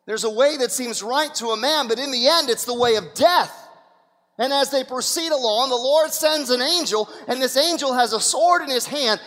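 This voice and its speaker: Impassioned high-voiced male preacher. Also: fairly bright tone, in a large hall. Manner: impassioned, acts out scenes. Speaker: pastor. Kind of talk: sermon.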